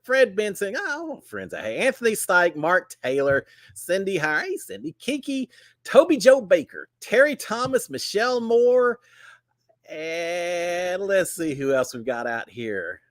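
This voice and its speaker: A man's voice: high voice, sing-song, slow, no room sound. A man hosting a casual live stream, folksy and chatty, greeting viewers by name. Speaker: livestream host.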